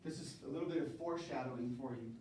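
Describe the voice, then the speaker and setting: A man's voice: medium pitch, fast talker, a little mellow, slight background noise. A man teaching a university Spanish class, drilling verb conjugations with his students in a call-and-response lecture. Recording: echoey classroom from far off.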